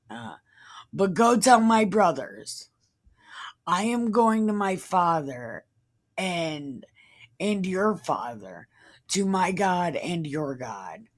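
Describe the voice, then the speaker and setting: A woman's voice: lowish voice, heavily acted. A woman voicing Jesus as a blunt, slangy, impatient man during a casual Bible reading.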